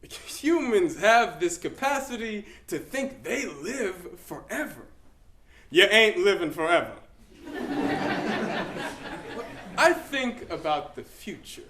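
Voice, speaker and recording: A young man playing a middle-aged pastor with ALS, shifting between wry humor and quiet gravity, performed on a stage in an echoey hall. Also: high-pitched, big pitch swings, slow pace, long pauses, a little hiss or hum, full character voice. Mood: somber. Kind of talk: dramatic interpretation performance.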